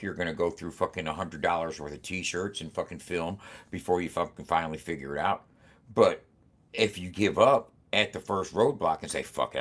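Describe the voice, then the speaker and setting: A man's voice: deep voice, a bit bright. A man vlogging from a print shop, talking casually and profanely to his viewers in a rambling, repetitive way. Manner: profane, rambling, repeats himself. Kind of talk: casual motivational talk to camera.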